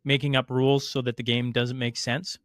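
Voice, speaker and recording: A man hosting a podcast, thinking out loud in a casual, rambling way. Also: mid-range voice, little pitch movement, fairly quick, no room sound, studio quality. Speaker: podcast host. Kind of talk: casual conversational interview.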